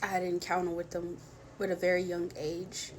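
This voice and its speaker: Soft-spoken young woman giving a testimony. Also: on the low side, monotone, a little hiss or hum. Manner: soft, halting, many fillers and restarts, tearful at times. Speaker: vlogger sharing a faith testimony. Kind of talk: personal testimony, emotional storytelling.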